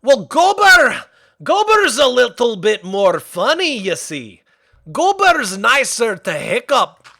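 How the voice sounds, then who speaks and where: A man voicing a jolly, gruff cartoon blacksmith with a hearty, booming brogue. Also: wildly swooping pitch, slow pace, pushed and bright, full character voice.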